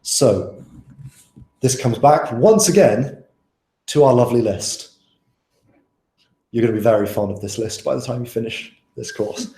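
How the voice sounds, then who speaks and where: There are long pauses as this young man tutors online at a measured pace, his mid-range voice warm. He's casual and talkative, quizzing his students, and the recording sounds roomy.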